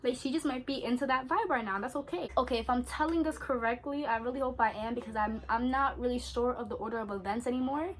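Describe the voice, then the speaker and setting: A young woman, chatting in an animated, slangy way as she tells a story during her skincare routine. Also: fairly high pitch, quick pace, few pauses, background noise. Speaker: beauty vlogger.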